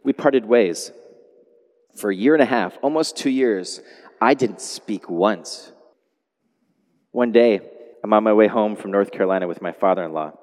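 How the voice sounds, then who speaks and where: A man preaching a sermon as a pastor, animated, moving between quiet lines and loud exclamations. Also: on the low side, normal speed, long pauses. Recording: long hall reverb.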